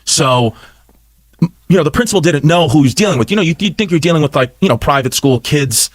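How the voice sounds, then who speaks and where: A man telling a story in casual chat, animated and full of fillers like "like" and "you know". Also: a little high, dry recording. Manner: animated, rapid anecdote-telling with many fillers. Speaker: guest storyteller.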